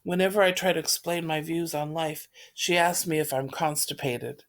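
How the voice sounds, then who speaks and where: A woman's voice: low-pitched, moderate pace. A woman reading the part of an anxious, remorseful teenage girl who pleads and blames herself. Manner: pleading, self-reproaching.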